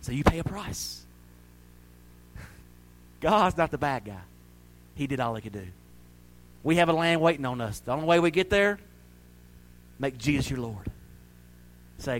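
A male pastor delivering a sermon and leading the church in an altar-call prayer, earnest, his voice rising fervently and then dropping to a hush. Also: a little high, expressive, unhurried, long pauses, slight background noise. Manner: earnest, swings between fervent and hushed. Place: church sanctuary.

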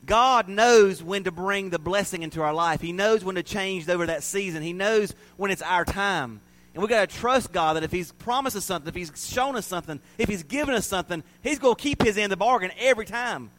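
Impassioned pastor preaching. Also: male voice, high voice, a little fast, poor audio. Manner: swings from loud animated storytelling to soft hushed reflection. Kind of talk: sermon.

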